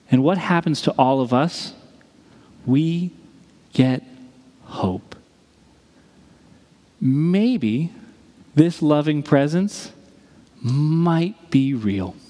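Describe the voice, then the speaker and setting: A man preaching a sermon as a pastor, telling a story with dramatic pauses. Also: a little high, darkish tone, big-room sound.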